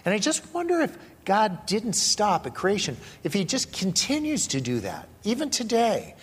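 A man giving a sermon as pastor, telling a story in an animated, playful way and acting out the quotes. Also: sits high, normal speed, breathy edge. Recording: long reverb of a large hall.

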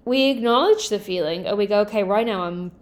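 A young adult woman hosting a podcast as a healing coach, talking in a candid, energetic, casual monologue and swearing freely. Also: medium pitch, brisk.

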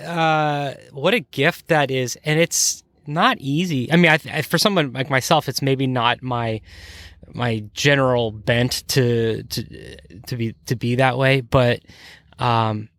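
A young man hosting a podcast, sincere and halting, with frequent restarts. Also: medium pitch, fairly bright tone, no echo. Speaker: podcast host. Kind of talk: casual chat. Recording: dry close sound.

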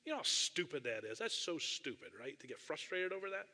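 A middle-aged male pastor delivers his sermon in a relaxed, storytelling way, laughing at himself and dropping in casual asides. His voice has a bright, clear edge. The sound rings with the long reverb of a large church sanctuary. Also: a little high, a little fast. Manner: self-deprecating storytelling, conversational asides.

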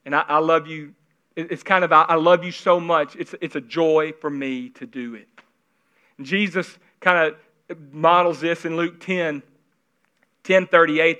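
A man preaching a sermon in an earnest, conversational way, at times dropping into hushed, intimate tones, on a slightly dull recording. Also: fairly high pitch, fairly even intonation, moderate pace, clear, resonant tone. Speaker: pastor.

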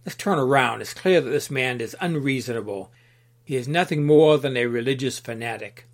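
A man's voice: medium pitch, moderate pace, natural voice. Man doing a dismissive, grumbling skeptic man in a storybook reading. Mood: scornful. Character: closed-minded grumbling male skeptic.

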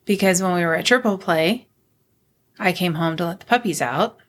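A woman's voice: on the low side, moderate pace. A middle-aged woman co-hosting a casual chat show, telling stories about her week and laughing often. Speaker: podcast co-host.

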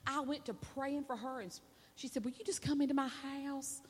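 A woman preacher telling a folksy, animated story in a sermon at a women's conference, laughing and acting out the voices. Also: sits high, normal speed. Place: stage at a women's conference with a hall's reverb. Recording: long hall reverb.

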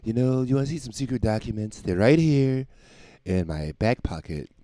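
A man's voice: mid-range voice, animated, normal speed, warm tone, no echo, voice pushed up, lightly acted. A man doing a smug boastful politician impression. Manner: smug, teasing. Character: boastful older male politician, smug and mocking.

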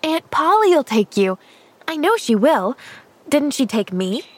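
A woman voicing a cheerful, eager young girl who chatters brightly and asks question after question, for a storybook reading. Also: high voice, lively intonation, measured pace, slight background noise, voice pushed up. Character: cheerful eager eleven-year-old girl.

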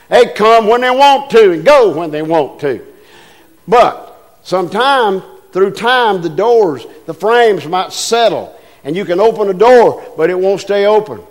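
Older preacher, man, high-pitched, folksy storyteller who slips into character voices. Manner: homespun storytelling, acts out voices in anecdotes. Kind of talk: folksy sermon with stories.

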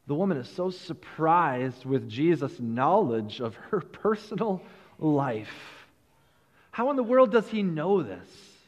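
A male preacher giving a sermon to a room of listeners, retelling a story in an animated way, with frequent restarts. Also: a little high, takes it slowly, long reverb tail. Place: large room with an audience.

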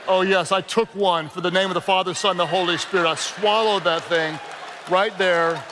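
A male guest pastor with a high voice and a Southern American accent from the American South preaches a sermon at normal speed in a large church auditorium. The recording is noisy, with the long reverb of a big hall, and his energetic, humorous storytelling draws call-and-response from the crowd.

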